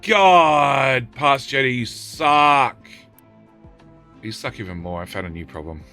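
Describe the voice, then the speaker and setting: Bright-voiced man streaming a game. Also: medium pitch, sing-song, measured pace, faint music behind. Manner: talks to in-game units, banters loosely with chat. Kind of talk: live gameplay stream, chatting with viewers.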